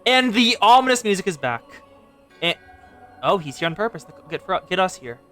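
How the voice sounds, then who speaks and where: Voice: medium pitch, sing-song, fairly quick, bright, forceful tone, faint music behind. A game streamer giving casual, rambling live commentary, talking to chat while playing. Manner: chatty, rambling, addresses chat.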